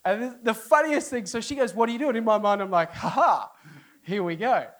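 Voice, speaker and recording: A pastor in middle age shares a funny story with the congregation gathered in a church hall. His high voice runs a little fast, and he performs each person in the story, with his voice rising sharply for their inner outbursts.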